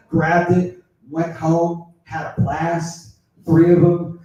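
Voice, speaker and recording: Rambling stand-up comedian, echoey and distant. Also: male voice, fairly high pitch, steady tone, a little slow, dark tone. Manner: rambling, filler-heavy, crude storytelling. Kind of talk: stand-up set. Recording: echoey room from far off.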